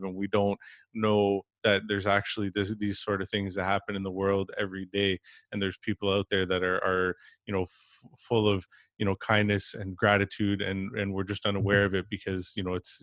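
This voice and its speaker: A man's voice: lowish voice, fairly bright tone, no echo, clean studio sound. A man hosting a podcast interview, asking questions hesitantly with many fillers and restarts. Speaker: podcast host. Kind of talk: casual interview.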